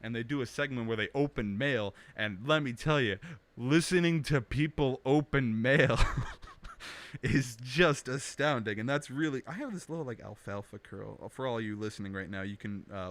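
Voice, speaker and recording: A man's voice: lowish voice, a bit bright. A young man hosting his own web show, rambling through a joking, self-deprecating monologue with lots of restarts, recorded on a studio microphone. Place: small indoor home studio.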